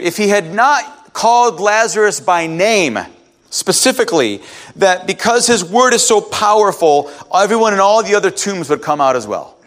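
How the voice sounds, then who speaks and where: A man's voice: sits high, a bit bright. A man preaching a sermon, reading scripture aloud and restarting his sentences as he explains it. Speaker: pastor.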